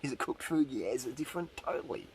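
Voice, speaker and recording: A middle-aged man from Australia, hosting his own channel, telling a rambling, animated story with voiced quotes and laughs. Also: medium pitch, fast talker, creaky, a little hiss or hum, rough recording. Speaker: channel host answering questions. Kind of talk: casual monologue.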